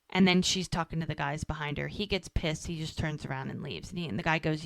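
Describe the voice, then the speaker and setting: A woman's voice: on the low side, fairly quick, hardly any pauses, no room sound. A woman co-hosting a podcast, casually recapping a TV episode and acting out the characters' lines as she goes. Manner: animated retelling, acting out quotes. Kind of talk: casual chat.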